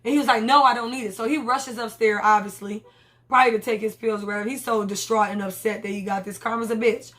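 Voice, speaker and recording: A young woman reviewing a TV episode recaps it casually in a fast, mid-range voice. She is animated and profane, swearing freely and acting out the characters' lines.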